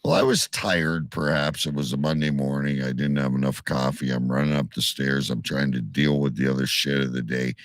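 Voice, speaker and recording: A middle-aged man co-hosting a casual chat, telling animated stories and swearing freely. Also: rumbling low, moderate pace, few pauses, no room sound.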